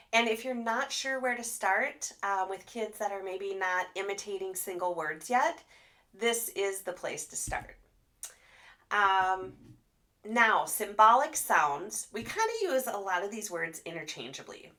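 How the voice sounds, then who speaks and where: A woman speech therapist giving a live training talk, animated and expressive as she demonstrates sounds. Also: mid-range voice.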